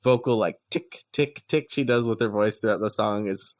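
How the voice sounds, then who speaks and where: A man's voice: fairly low pitch, normal speed. A man co-hosting a music podcast, joking at his own expense in casual chat. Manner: jokey, self-mocking. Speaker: podcast co-host.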